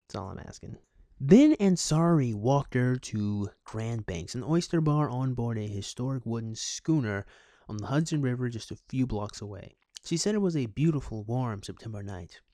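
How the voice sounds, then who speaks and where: A man reading a news article aloud and breaking off into sarcastic, deadpan comic asides. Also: medium pitch, normal speed, dry recording, studio quality. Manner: sarcastic, deadpan asides between read passages. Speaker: commentary YouTuber.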